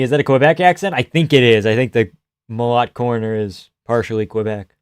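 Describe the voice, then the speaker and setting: A man calls a fight live on a stream, cracking profane jokes, laughing often and shouting at big shots. His voice sits at an ordinary middle pitch, and it sounds dry and close, with almost no room around it. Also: brisk, clear, resonant tone, dry recording. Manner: reacts loudly to big shots. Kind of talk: casual live fight reaction commentary.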